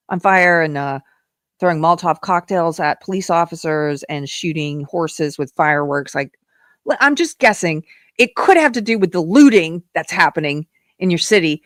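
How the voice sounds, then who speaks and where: A woman from South Carolina hosting a live political commentary show, talking in a sarcastic, emphatic way and quick to scoff. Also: low-pitched, no echo, studio quality. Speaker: show host.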